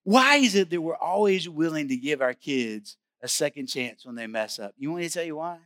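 A man's voice: a little high, lively intonation, fairly quick, a bit bright. A male pastor preaching a sermon in a conversational, emphatic way, often asking the listeners questions.

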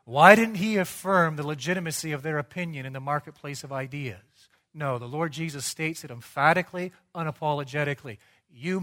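A male pastor delivering a sermon in a somewhat high voice. He argues point by point with rhetorical questions, swinging from hushed lows to loud, forceful emphasis.

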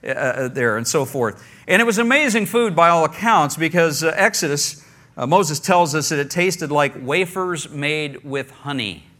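A male pastor delivers a sermon in an easy, conversational style, circling back and restarting his sentences as he thinks aloud. His voice sits a little high for a man and has a bright, forceful edge. At times he leads the congregation in chanting a word back to him. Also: expressive, moderate pace. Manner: conversational preaching with restarts and congregation call-and-response.

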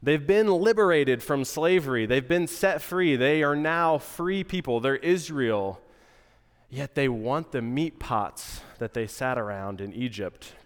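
A male pastor with a stuffy, nasal voice from a cold, preaching in a relaxed, conversational way with asides. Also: medium pitch, measured pace, clear, resonant tone, long reverb tail. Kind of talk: sermon.

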